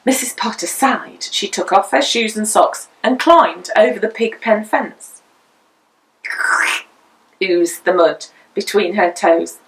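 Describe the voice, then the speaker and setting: A woman reading a picture book aloud as a storyteller, with an expressive, sing-song delivery, slightly distant from the mic. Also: medium pitch, slow pace.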